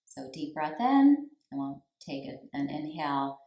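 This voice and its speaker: A woman teaching a yoga class, giving slow, calm cues for breath and posture with long pauses between them. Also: low-pitched, gravelly. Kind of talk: guided yoga class instruction. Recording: echoey room.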